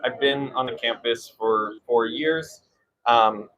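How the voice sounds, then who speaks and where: A man's voice: mid-range voice, slow, distant mic, lo-fi sound. A man on staff at a university giving a rally speech, hesitant with many fillers.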